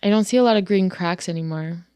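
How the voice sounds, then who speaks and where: A young woman co-hosting a podcast in relaxed casual chat, easygoing with short agreeing replies. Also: on the low side, fast, smooth, no echo. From New York. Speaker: podcast co-host.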